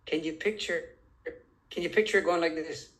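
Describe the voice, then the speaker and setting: A man's voice: a little high, low-quality recording. Emphatic man asking rhetorical questions. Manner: deliberate, drawn-out phrasing. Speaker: interview guest, author. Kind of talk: conversational interview.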